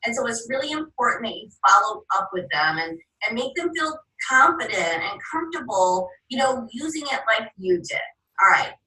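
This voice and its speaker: Animated woman trainer in an echoey room. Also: fairly high pitch, moderate pace. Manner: animated storyteller, acts out quoted voices. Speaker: direct sales trainer. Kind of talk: training seminar talk. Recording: echoey room, voice a bit far from the mic.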